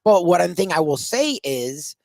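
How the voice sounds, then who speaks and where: A man's voice: sits high, sing-song, vocal fry, a little mellow, no room sound. Teasing man in casual banter. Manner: teasing, laughing, halting. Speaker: show co-host. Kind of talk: casual chat.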